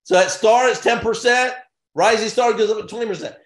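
A man giving an energetic business opportunity pitch in punchy, repetitive short phrases with bursts of excitement. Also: brisk. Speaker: sales presenter. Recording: roomy echo.

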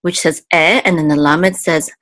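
A woman's voice: sits low, steady tone, normal speed, fairly bright tone, no room sound. Patient woman teaching Hebrew letters. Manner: patient, explains letter by letter with fillers. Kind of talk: online language lesson.

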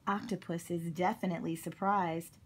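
A mom reading a children's picture book aloud. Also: female voice, lowish voice, fairly even intonation, moderate pace, a little hiss or hum. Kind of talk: storybook read-aloud.

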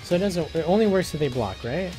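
A man streaming a fighting game, casually talking through his moves to the chat and muttering to himself between bursts of excitement. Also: on the high side, fast. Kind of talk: casual live stream commentary. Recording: music playing behind the voice.

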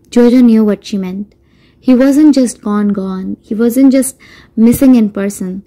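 Casting: woman narrator for a children's audiobook, mellow, measured delivery. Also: a little high, poor audio. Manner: measured storytelling, doing character voices. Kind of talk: scripted narration.

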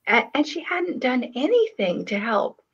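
A woman's voice: high voice, sing-song, measured pace, husky, highs cut off. An older woman in casual conversation, telling stories with hesitant restarts and fillers. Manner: rambling, hesitant storyteller. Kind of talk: casual chat.

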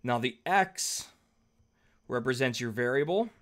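A man's voice: mid-range voice, animated, unhurried, fairly bright tone. Casual man lecturing on math. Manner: conversational, checks in with "okay?" often, fillers. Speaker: math teacher. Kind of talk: whiteboard lecture.

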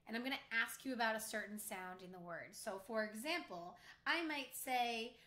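Woman teacher, bright tone, unhurried phonics drill for little kids, echoey room. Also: on the high side. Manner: clearly sounding out letters one by one. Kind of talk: slow phonics lesson for young children.

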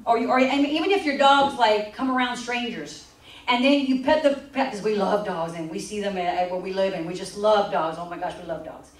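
A woman pastor with a mid-range voice moves fairly quickly through her sermon in a church sanctuary. She uses call-and-response, repeating scripture lines so the congregation answers back, and the sound is distant and echoey.

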